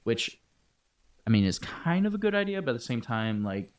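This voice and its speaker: A man's voice: medium pitch, big pitch swings, normal speed. A man co-hosting a history podcast, joking around in loose casual chat with lots of fillers. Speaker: podcast co-host.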